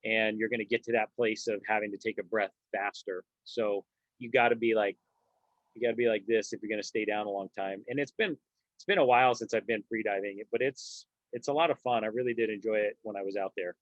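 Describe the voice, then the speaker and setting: A man who is a guest on a talk show, explaining things in a calm, laid-back way. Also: on the low side, fairly quick, no room sound, highs cut off. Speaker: guest, former navy diver. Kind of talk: relaxed explanatory conversation.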